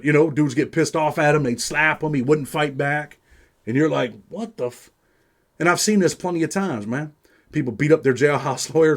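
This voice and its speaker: Streetwise New man telling stories. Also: a little high. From New York. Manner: streetwise, profane, peppers speech with "man". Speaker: host. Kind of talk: casual first-person storytelling.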